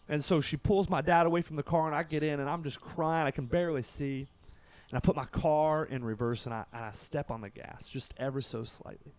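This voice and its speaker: A Kentucky man appears as a podcast guest, telling a story in casual conversation at a brisk clip. He swings between loud bursts and hushed, low passages.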